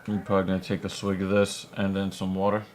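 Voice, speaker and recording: A man's voice: deep voice, completely flat delivery, fast, a little mellow, faint music behind. A man co-hosting a livestream, joking in an offhand, casual way.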